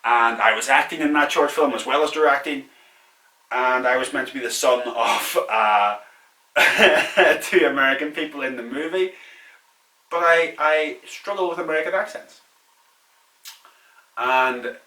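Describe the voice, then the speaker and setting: Irish man with a bright, roomy voice. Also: medium pitch, measured pace, pauses often, far from the mic. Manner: candid and chatty, laughs at himself. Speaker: YouTuber answering viewer questions. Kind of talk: casual Q&A vlog.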